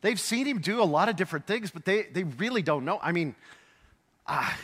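A high-voiced man preaches a sermon with lively, animated delivery, sometimes acting out voices and raising to a shout for emphasis. His tone is bright and forward, and the long reverb of a large hall trails after each phrase. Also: brisk, husky. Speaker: pastor.

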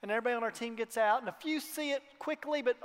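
A man preaching a sermon to his congregation in a church, earnest, sometimes dropping to a hushed tone for emphasis. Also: very high voice, very fast, clear, resonant tone. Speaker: pastor. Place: church hall. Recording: long hall reverb.

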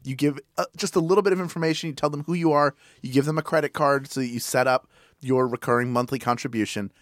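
A man's voice: mid-range voice, steady tone, fast, no room sound. A man co-hosting a podcast, playful and upbeat as he lays out fundraising goals in casual chat over a close studio mic. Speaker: podcast co-host.

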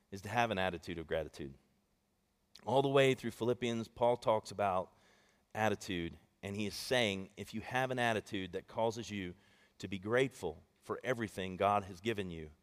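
A man preaching a sermon in a loose, storytelling style, talking right to his congregation. His voice sits at a middle pitch. It rings out with the long reverb of a large hall. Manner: storytelling, conversational, addresses the congregation. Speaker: pastor.

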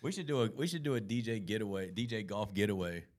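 A man's voice: fairly low pitch, quick pace. A male podcast host, in casual profane chat, laughing and telling stories. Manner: laughing, profane, animated storyteller.

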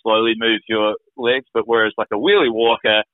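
A man's voice: fairly low pitch, steady tone, moderate pace, no echo. A man, a guest on an interview, telling his own story in a rambling, casual way, full of "like" fillers. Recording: tinny phone-like remote call audio.

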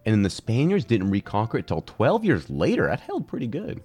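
A man with a very low voice talks quickly and swings his pitch around a lot. He co-hosts a loose, comedic history chat, joking and acting out bits as he goes. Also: husky, soft background music. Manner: animated, jokey, acts out silly voices. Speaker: podcast co-host.

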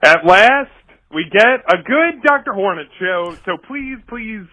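A man's voice: sits high, lively intonation, measured pace, sharp tone, voice pushed up, exaggerated voice. A man voicing an overexcited male fan who phones a radio show and pleads to speak with a guest. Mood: gushing. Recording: tinny phone line.

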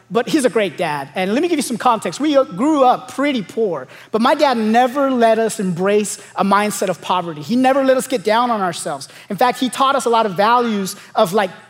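A young adult man from Los Angeles, a pastor preaching a sermon, telling stories and building to emphatic calls to the congregation. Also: sits high. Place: large church auditorium. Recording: long hall reverb.

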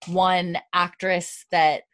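A woman's voice: lowish voice, flat delivery, drawn-out words, fairly bright tone. A woman podcast host giving a chatty, casual episode recap, full of fillers and acted-out lines.

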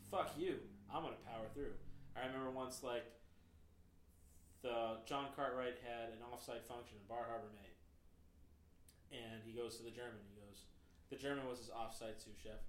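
A man who works as a chef, telling a long story in casual chat with a rambling, profane and animated way of talking. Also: medium pitch. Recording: echoey room with faint noise.

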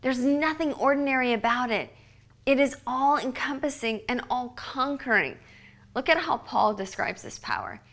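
A woman in her thirties giving a devotional podcast teaching, earnest and conversational, often dropping to a soft hush for emphasis. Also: high-pitched, expressive, normal speed. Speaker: Bible teacher.

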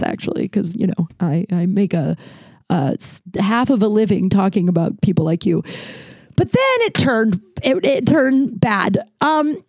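Rambling woman podcaster, dark dry voice. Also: lowish voice, husky, dry recording. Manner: rambling, filler-heavy, animated retelling. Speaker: podcast host. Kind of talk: casual storytelling monologue.

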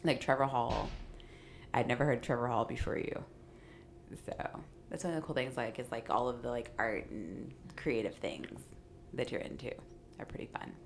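A woman guest on a podcast, chatting casually and agreeing warmly with the host. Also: very deep voice, normal speed, vocal fry, slight background noise. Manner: supportive listener, frequent agreement.

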